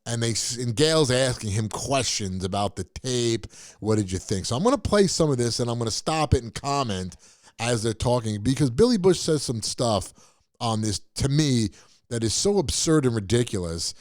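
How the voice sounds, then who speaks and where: A man's voice: mid-range voice, expressive, moderate pace, no room sound, clean studio sound. A male show host giving a blunt, profane, scoffing commentary monologue.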